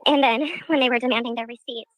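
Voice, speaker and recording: A woman streamer with a raspy voice sitting a little higher than most. She retells her side in a sarcastic, indignant way. The recording is dry and close. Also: steady tone, fast, no echo, rough recording. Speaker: streamer in a played clip. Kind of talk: casual livestream talk.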